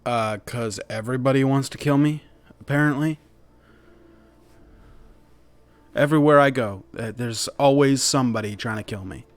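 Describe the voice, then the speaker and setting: A man's voice: mid-range voice, brisk, no room sound, close to an everyday voice. A man doing a nervous, rambling fugitive. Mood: defensive. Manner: rambling, defensive, evasive. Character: nervous young man on the run.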